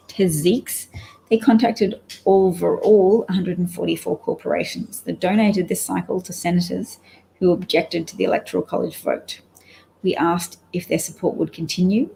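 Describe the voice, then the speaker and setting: Wry, gravelly woman commentator. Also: lowish voice, steady tone, normal speed, warm tone, slight background noise, low-quality recording. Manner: wry, rambling, reads out quotes. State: sleepy, yawning. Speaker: political commentator. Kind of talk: casual solo commentary.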